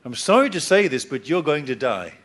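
Animated male preacher telling a story. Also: fairly high pitch, fairly quick. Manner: animated, storytelling, jokes with the crowd. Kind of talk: sermon.

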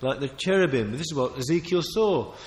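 A man preaches with a fairly high voice that rises and falls dramatically, emphatic and full of restarts and quick asides. His voice rings with the long reverb of a big hall. He sounds like a preacher working a congregation. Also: expressive. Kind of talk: sermon.

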